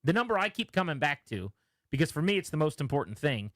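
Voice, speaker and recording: A man's voice: a little high, quick pace, no room sound. A man hosting a sports radio show, telling stories about players and quoting them as he talks shop. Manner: animated storytelling, quotes players. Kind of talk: casual sports talk.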